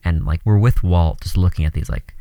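A podcast co-host in casual chat, talking in a relaxed, wry way. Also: deep voice, brisk, no room sound.

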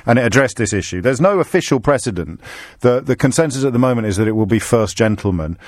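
A man hosting a radio phone-in, chatting with callers in a quick-witted, teasing way and often restarting his sentences. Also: medium pitch, animated, a little mellow, no room sound, studio quality. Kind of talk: casual radio phone-in chat. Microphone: studio microphone.

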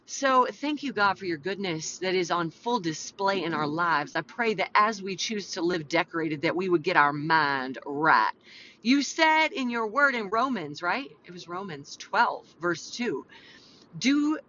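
Bright-toned woman hosting a faith podcast. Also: fairly low pitch, lively intonation, measured pace. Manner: casual, slangy, rambling and self-deprecating. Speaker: podcast host. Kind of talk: faith podcast talk mixed with prayer. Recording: slightly muffled with faint background hum.

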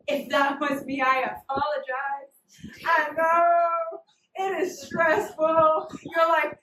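A young woman giving a casual, humorous sermon, slangy and animated, acting out little scenes. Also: extremely high pitch, moderate pace, a little hiss or hum. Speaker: preacher. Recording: echoey room, mic at a distance.

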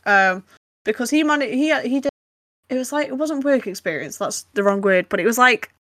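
A woman's voice: a little high, animated, fairly quick, fairly bright tone, no echo. Young woman co-host, chatty and laugh-prone, dry close recording. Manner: laughs often, chatty with many fillers. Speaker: podcast co-host. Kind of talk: casual chat.

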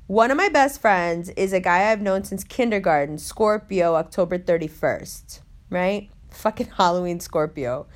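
A woman tells a story in loose, casual chat. She swears constantly and keeps the telling animated as she goes. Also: medium pitch.

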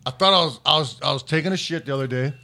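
In a podcast studio, a man hosts a casual chat, telling crude stories in a rambling, profane way full of fillers. His voice is fairly high and sharp, and he speaks at a racing pace.

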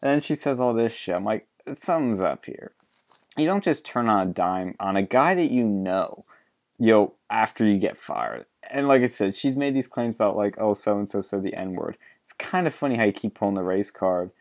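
A man's voice: on the low side, animated, moderate pace. Blunt, profane male podcast host. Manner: blunt, profane, laughs often. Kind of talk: casual political chat.

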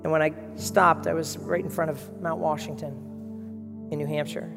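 Earnest pastor preaching in a reverberant hall. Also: male voice, fairly high pitch, fairly even intonation, moderate pace, vocal fry, music in the background. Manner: earnest, emotional storytelling. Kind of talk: sermon.

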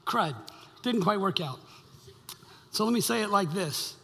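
A pastor, preaching a conversational, joking sermon to a congregation. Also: male voice, sits high, expressive, a little slow, gravelly, sharp tone, a little hiss or hum. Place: church sanctuary. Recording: long hall reverb.

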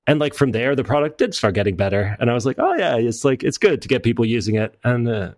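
Male guest, casual and animated storyteller, mid-pitched, dry close mic. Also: fast talker, no room sound. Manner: animated, acts out quoted dialogue with raised pitch. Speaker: entrepreneur guest.

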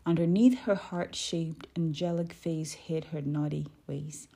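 Woman reading a children's book aloud; husky, low and unhurried, gentle pace. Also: steady tone. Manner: careful, gentle, correcting her own slips. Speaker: reader.

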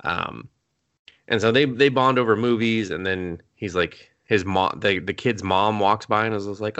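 A man's voice: lowish voice, normal speed, fairly bright tone, lo-fi sound. A young man on a podcast casually recapping an anime episode, rambling, laughing often and coughing now and then. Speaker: podcast co-host.

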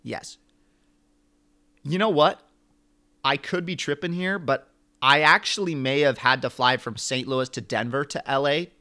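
A young man co-hosting a podcast, telling a long story in an animated, rambling way. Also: medium pitch, unhurried, pauses often. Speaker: podcast co-host. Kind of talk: casual chat.

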